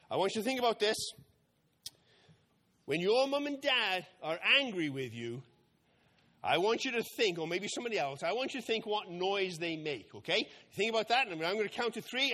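Animated bright-voiced man telling a kids' story. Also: high-pitched. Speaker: children's talk leader. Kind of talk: children's Bible story.

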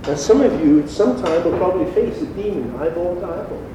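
Guy preaching a chill sermon, kinda high voice, mic far off, big echo. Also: a little fast, background noise. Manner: animated and informal, acts out quoted voices. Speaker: pastor. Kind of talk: casual conversational sermon. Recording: echoey hall, distant mic.

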